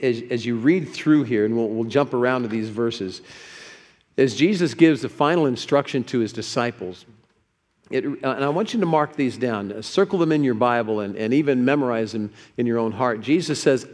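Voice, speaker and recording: A man's voice: mid-range voice, normal speed. Preaching man in a reverberant hall. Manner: conversational, animated when quoting scripture. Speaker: pastor. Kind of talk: sermon. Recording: echoey hall with long reverb.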